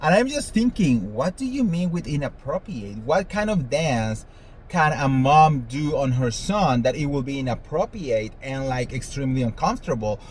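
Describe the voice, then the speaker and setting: A man's voice: medium pitch, big pitch swings, moderate pace, a little hiss or hum, poor audio. A man hosting a celebrity gossip show, talking casually in a sassy, dramatic way and swearing freely. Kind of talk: casual commentary monologue.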